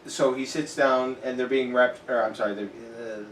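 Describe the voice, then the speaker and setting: A man's voice: medium pitch, steady tone, normal speed, a bit bright. A young man co-hosting a casual comic book podcast, throwing in wry jokes. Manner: joking, wry asides. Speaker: podcast co-host. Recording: roomy, distant mic, faint hiss.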